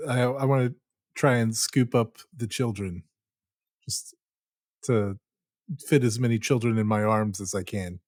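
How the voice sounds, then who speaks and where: A man's voice: lowish voice, steady tone, unhurried, pauses often, darkish tone, dry recording. Male player, short hesitant lines, dry sound. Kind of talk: tabletop game chat.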